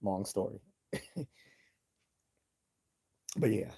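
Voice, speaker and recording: A man hosting a casual livestream, reading chat messages and telling stories in an animated way with frequent laughs. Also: lowish voice, very slow, vocal fry, husky. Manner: animated storytelling, acts out quotes, laughs often.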